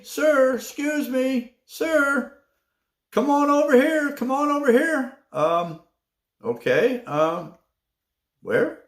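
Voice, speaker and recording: A man hosting his own channel, telling a personal story in a slow, halting way with many fillers. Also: mid-range voice, gravelly, reverberant. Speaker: channel host. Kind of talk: casual storytelling vlog.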